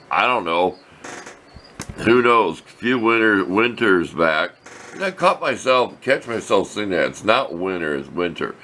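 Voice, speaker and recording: A man's voice: low voice, bright, forceful tone, a little hiss or hum. An older man, rambling in a folksy, plain-spoken way as he shows off tools in his home workshop. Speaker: workshop video host. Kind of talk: casual workshop show-and-tell.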